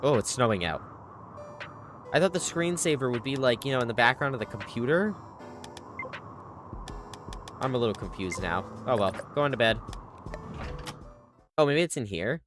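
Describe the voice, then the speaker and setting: A game streamer in casual live-stream commentary, chatty and playful, reacting out loud to the game. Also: medium pitch, animated, moderate pace, long pauses, music in the background. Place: home streaming setup.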